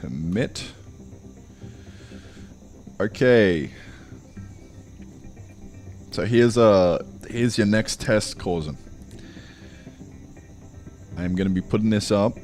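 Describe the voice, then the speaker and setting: A man's voice: low voice, drawn-out words, long pauses, a little mellow, faint music behind. A man thinking aloud in casual live-stream chat while he programs, mumbling along with fillers.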